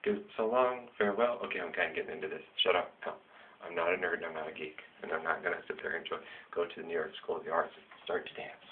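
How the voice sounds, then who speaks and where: A man's voice: low-pitched, monotone, very fast. A man hosting a show, talking in a rambling, jokey way and laughing often. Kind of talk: casual monologue. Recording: tinny phone-like sound.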